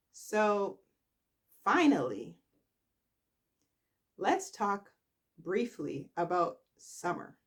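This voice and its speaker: A woman casually recapping a soap opera, chatty and animated, acting out the characters' lines. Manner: chatty, slow, acts out characters' lines with big pitch jumps. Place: at home.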